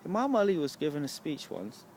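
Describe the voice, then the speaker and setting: A man's voice: fairly high pitch, wildly swooping pitch, brisk, a little mellow, a little hiss or hum. A young man, rambling to the camera at a bus stop, swearing often and asking "right?" a lot. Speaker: vlogger.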